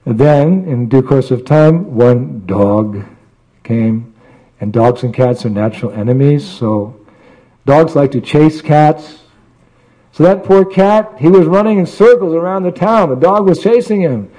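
A man preaching a storytelling sermon, lively as he tells a tale and does voices for its characters. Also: fairly high pitch, unhurried, poor audio.

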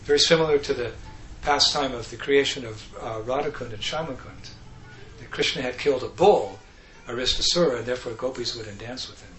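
A man giving a devotional talk, telling scripture stories in a lively way and acting out the characters. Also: mid-range voice, brisk, slight background noise. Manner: animated, acts out characters, laughs often. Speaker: speaker. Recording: echoey room with faint ambience.

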